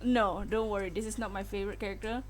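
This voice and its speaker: A woman's voice: medium pitch, steady tone, fast. A woman chatting casually with her viewers while playing through a game on a live stream, giggling often. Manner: chatty, giggly, talks to chat. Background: faint game music.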